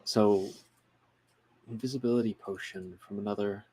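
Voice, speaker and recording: A man's voice: on the low side, steady tone, moderate pace, a little mellow, husky. A man voicing a curious, polite young adventurer who asks hesitant, probing questions in a tabletop game.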